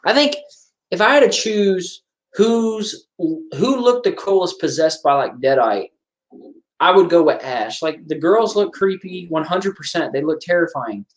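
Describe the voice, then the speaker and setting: Lively man chatting through a movie. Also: high voice, measured pace. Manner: chatty, reacting aloud to the film as he watches. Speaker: horror movie commentator. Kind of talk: casual watch-along commentary.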